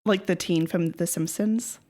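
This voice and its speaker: A woman co-hosting a podcast in casual chat, talkative and quick to laugh. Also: fairly low pitch, steady tone, mellow. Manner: chatty, laughs often, loose fillers. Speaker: podcast co-host.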